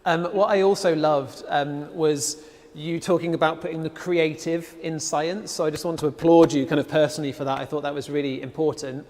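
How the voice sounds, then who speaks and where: A man's voice: on the high side, steady tone, brisk, darkish tone. Upbeat male host, reverberant sound. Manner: upbeat, chatty, many fillers. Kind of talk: live event hosting.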